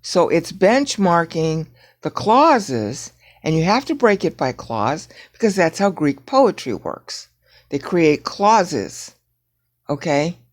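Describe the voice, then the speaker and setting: A woman teaching Bible prophecy in a rambling screen-share lecture, often checking in with "okay?" and grumbling at her software. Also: fairly low pitch, very animated, slow pace. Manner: digressive, frequent "okay?" checks, irritated asides at software.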